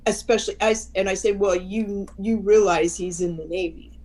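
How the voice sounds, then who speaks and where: A woman's voice: medium pitch, moderate pace, few pauses, a little mellow, low-quality recording. An older woman, a chaplain and interview guest, telling a personal story with animation and frequent restarts.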